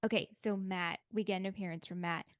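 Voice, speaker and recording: A woman's voice: medium pitch, fairly even intonation, fairly quick, no room sound, clean studio sound. A woman co-hosting a casual podcast recap, retelling scenes and acting out the characters' lines. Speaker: podcast co-host.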